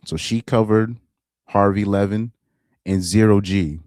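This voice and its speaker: A man's voice: on the low side, steady tone, measured pace, a little mellow, no echo, studio quality. A man casually commenting on a live stream, rambling and repeating himself. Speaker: live streamer reacting to videos.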